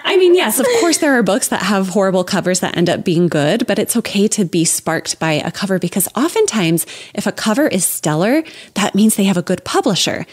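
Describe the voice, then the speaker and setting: A young woman chats as a podcast guest at a middle pitch, in an animated, easygoing way. She talks freely and laughs often. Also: a little fast, hardly any pauses, a little hiss or hum. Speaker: podcast guest, children's book writer. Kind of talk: casual interview chat.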